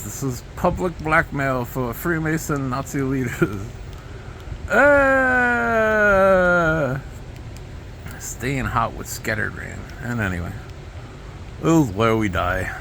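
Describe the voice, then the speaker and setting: A man's voice: mid-range voice, gravelly, fairly bright tone, a little hiss or hum. A man rambling sardonically in a solo video monologue, jumping between mock quotes and asides. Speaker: video blogger.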